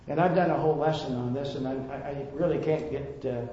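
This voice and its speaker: A man's voice: medium pitch, steady tone, brisk, warm tone, a little hiss or hum. A man preaching a Bible-teaching sermon, earnest and emphatic, with occasional stammered restarts. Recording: roomy, dull lo-fi sound.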